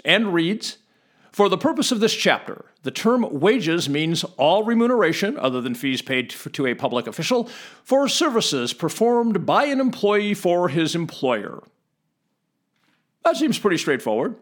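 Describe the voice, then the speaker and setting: A man delivering a scripted explanatory monologue, measured and emphatic, slowing down to stress key words. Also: high voice. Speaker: commentator on tax law.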